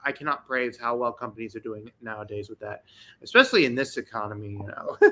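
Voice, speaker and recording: Man, very bright tense voice, eager, rambling, video call chat. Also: mid-range voice, sing-song, brisk. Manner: enthusiastic, rambling. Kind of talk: casual livestream chat.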